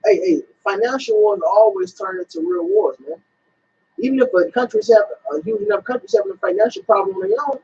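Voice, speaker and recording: A man's voice: high-pitched, big pitch swings, fast, a little mellow, slightly rough. A man talking bluntly and profanely in a casual religious discussion among friends. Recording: dull lo-fi recording.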